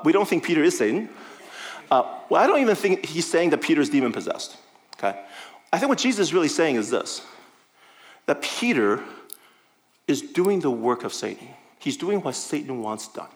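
A man preaching a sermon conversationally, animated and often checking in with the listeners. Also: on the high side.

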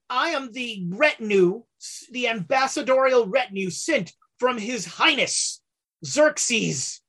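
A woman's voice: on the high side, a bit bright, full character voice. A woman voicing a pompous male cat ambassador who speaks in a grand, formal way.

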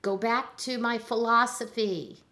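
An older woman, a chiropractor, talking in a relaxed interview and telling stories with lively acted-out voices. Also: a little high, unhurried. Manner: animated storyteller, acts out voices in anecdotes. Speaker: chiropractor guest. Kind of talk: conversational interview.

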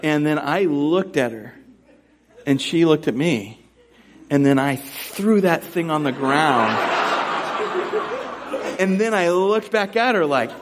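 A young adult man preaching a sermon as a pastor, telling a funny personal story with animated, self-mocking delivery before turning to scripture. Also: a little high, takes it slowly, long pauses, crowd noise.

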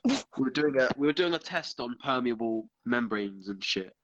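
A man's voice: medium pitch, lively intonation, normal speed, dry recording. A young man telling a story in casual podcast chat, rambling and swearing freely. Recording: dull dry lo-fi audio.

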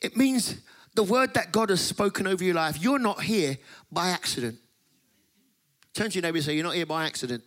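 A man preaching a Pentecostal-style sermon to a conference audience, impassioned, sometimes shouting and half-singing his phrases. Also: high-pitched, expressive, fairly quick. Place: conference hall.

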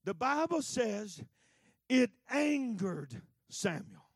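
A man preaching with a very high, strained voice that keeps surging into shouts, then dropping to quiet, folksy asides. The sound is close and dry, with no room around it. The delivery is fervent and colloquial throughout. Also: big pitch swings, takes it slowly, husky, no echo. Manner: fervent, emphatic, swings between shouting and hushed asides. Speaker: pastor. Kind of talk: sermon.

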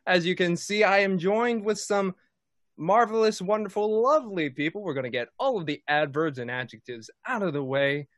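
A man's voice: high voice, no room sound, studio quality. A man hosting a tabletop game stream as dungeon master, reading sponsor announcements in a jokey, rambling way. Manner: jokey, punning, rambling with fillers.

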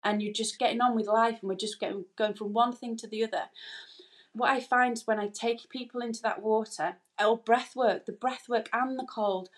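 Earnest woman guest, rambling warmly. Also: a little high, steady tone, moderate pace. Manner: earnest, rambling, acts out inner thoughts. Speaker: guest, breath work instructor. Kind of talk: casual interview chat.

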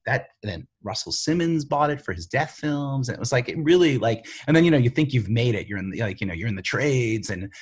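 A man's voice: fairly low pitch, husky. A middle-aged man from the Bronx, a screenwriter, telling his story loosely in an interview, full of "you know" and "like". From the Bronx, New York. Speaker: screenwriter guest.

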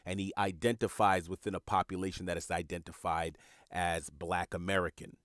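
Earnest low-voiced male podcast host. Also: little pitch movement, moderate pace, a bit bright, dry recording, clean studio sound. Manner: earnest, repeats words when searching for them. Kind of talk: reflective monologue.

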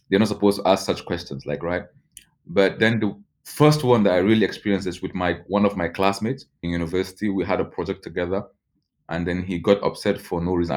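Deep-voiced Nigerian man telling his story. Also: darkish tone. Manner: loose, full of "like" and restarts. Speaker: journalist interviewee. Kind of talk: casual personal storytelling.

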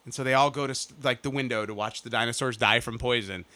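A man in casual chat, retelling a film with animated, profane mockery and laughter. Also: mid-range voice, fast.

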